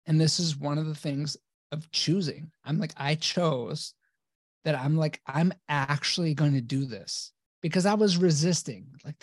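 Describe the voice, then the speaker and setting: A man's voice: a little high, measured pace, no room sound. A man telling his own story casually as a guest, blunt and profane, acting out his old replies.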